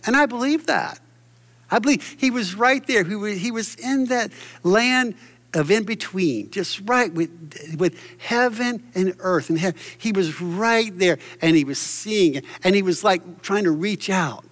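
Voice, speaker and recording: A man's voice: high-pitched, lively intonation, unhurried, a bit bright, big-room sound. A man preaching a sermon from a church stage, fervent and exclamatory, often restarting his sentences. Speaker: pastor.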